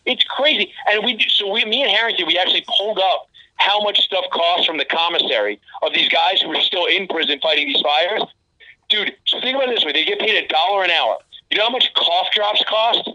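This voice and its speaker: A man in casual podcast chat, animated and indignant, swearing as he talks. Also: high voice, a little fast, poor audio. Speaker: podcast guest.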